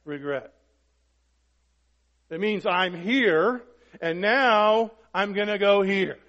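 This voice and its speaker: A man preaching with a notably high voice, driving home each point with "right?" and "okay?" and dropping from loud emphasis to near-hush. The sound is dull and lo-fi, and his words ring out with the long reverb of a large hall. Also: slow pace. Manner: emphatic, constant rhetorical questions, swings from loud to hushed. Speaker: pastor. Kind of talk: sermon.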